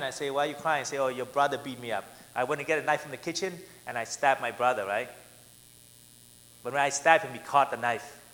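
A man preaching as a pastor, telling personal stories, often asking "right?" and swinging between loud and soft. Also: mid-range voice. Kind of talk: sermon with personal testimony. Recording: echoey hall, speaker drifting off mic.

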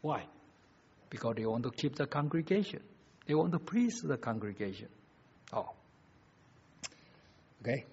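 Husky man preaching emphatically. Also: mid-range voice, big pitch swings, measured pace, pauses often, darkish tone. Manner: emphatic preaching with rhetorical questions, non-native phrasing. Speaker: pastor. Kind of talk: sermon. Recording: dull lo-fi recording.

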